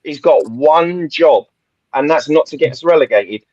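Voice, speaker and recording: Guy ranting casually about football, high voice, dry dull sound. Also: normal speed, darkish tone, no room sound. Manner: blunt, laughs often, swears casually. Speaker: podcast panelist.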